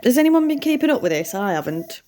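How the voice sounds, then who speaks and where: A woman's voice: sits high, sing-song, quick pace, dark tone, a little hiss or hum. British female game streamer, casual voice-over chat, laughs at her own jokes. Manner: chatty, self-mocking, laughs often. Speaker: gaming channel host. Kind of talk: casual let's-play commentary.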